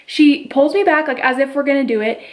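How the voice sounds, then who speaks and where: A woman's voice: high voice, brisk, a little mellow. A young woman vlogging at home, chatting casually as she retells a story and quotes the people in it. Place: at home with her baby.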